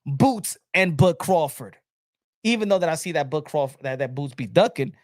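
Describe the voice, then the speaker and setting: A man giving opinionated boxing commentary. He talks in heated, profane bursts, repeats words, and rises to shouting. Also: high-pitched, dry recording, studio quality.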